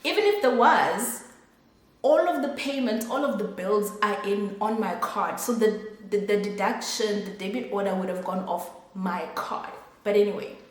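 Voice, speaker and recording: A woman's voice: mid-range voice, moderate pace. A young adult woman vlogger telling a story to her viewers in a chatty, exasperated way. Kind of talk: casual storytime. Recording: echoey room.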